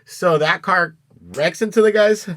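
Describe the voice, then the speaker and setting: Animated, swearing man retelling a movie. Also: sits high, unhurried. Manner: animated retelling, acts out scenes with loud outbursts, swears a lot. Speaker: podcast co-host. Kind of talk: casual movie review chat.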